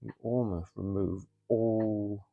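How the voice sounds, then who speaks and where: A man's voice: on the low side, steady tone, slow, vocal fry, narrow, tinny audio. Chatty man crafting on a live stream. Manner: chatty, mutters while working, reads viewer comments. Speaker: model railway hobbyist streamer. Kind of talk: casual live-stream chat while crafting.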